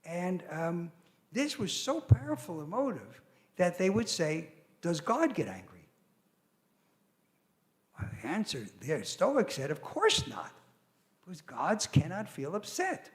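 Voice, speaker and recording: A man's voice: sits high, wildly swooping pitch, slow, pauses often. An older man giving an academic lecture, telling stories animatedly with quoted voices and asides.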